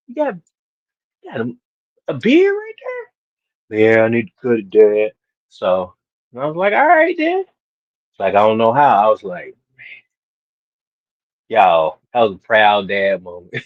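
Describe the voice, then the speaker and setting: Slow-talking chatty man on a live stream. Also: medium pitch, dry recording. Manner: chatty, laughs often, greets viewers by name. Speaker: livestream host. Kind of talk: casual live stream chat. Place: home garage. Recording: dull lo-fi stream audio.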